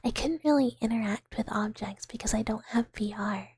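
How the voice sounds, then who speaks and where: A woman VTuber streamer whispers softly in ASMR style close to the mic, chatting with viewers and rambling with fillers and giggles. Her voice is fairly high and slightly rough, at normal speed, in a dry recording.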